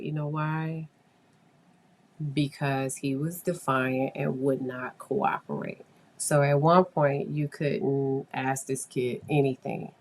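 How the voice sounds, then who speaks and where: Woman, very low voice, child psychologist, chatty rambling monologue, lots of quoted dialogue. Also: darkish tone. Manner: conversational, rambling, with frequent fillers and quoted dialogue. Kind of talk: casual monologue storytelling.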